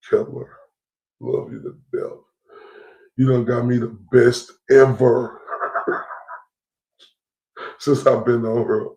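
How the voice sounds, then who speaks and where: Gravelly slow-talking man ranting on stream. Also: medium pitch, dark tone, reverberant, rough recording. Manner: rambling, repeats himself, slangy and heated. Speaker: livestream host. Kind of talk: casual livestream rant.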